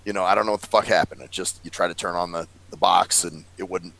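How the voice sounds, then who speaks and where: A man's voice: deep voice, fairly even intonation, fast talker, vocal fry, sharp tone, poor audio. A man rambling through a long story in casual chat, swearing freely and laughing often. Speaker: podcast co-host.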